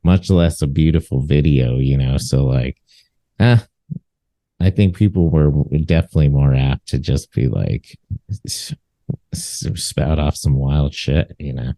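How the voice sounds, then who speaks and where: A man's voice: extremely low pitch, unhurried, mellow, no echo. A man co-hosting a podcast, talking in a loose, rambling way with many fillers and restarts. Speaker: podcast co-host. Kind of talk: casual chat.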